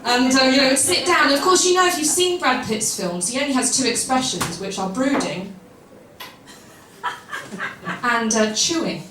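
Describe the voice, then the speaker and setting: A young woman does a stand-up set, her voice high and chatty, wandering through asides with plenty of ums. She is picked up from a distance in a roomy live venue, so her words carry an echo. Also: expressive, normal speed, pauses often, background noise. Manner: chatty, rambling, self-deprecating with many ums and laughs. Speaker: stand-up comedian. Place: live comedy venue with an audience.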